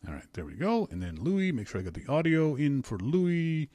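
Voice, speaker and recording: A man's voice: medium pitch, very animated, normal speed, a little mellow, husky, no echo. Middle-aged male host, loose and joking, voice swinging up and down, dry close-mic sound. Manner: chatty and teasing, laughs often, many restarts. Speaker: podcast host. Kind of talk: casual call-in show, reading listener emails.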